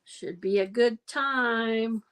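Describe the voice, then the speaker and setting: Chatty woman with a higher voice. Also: extremely slow, fairly bright tone, clean tone, poor audio. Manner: rambling storyteller, chatty, laughs often. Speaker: livestream host. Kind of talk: casual chat.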